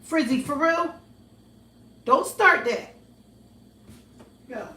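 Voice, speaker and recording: A woman's voice: high-pitched, very slow, bright, forceful tone. A young woman, chatting loosely and joking with profanity as she cooks breakfast on a livestream. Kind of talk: casual livestream chat while cooking. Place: home kitchen. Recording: distant phone mic with background noise.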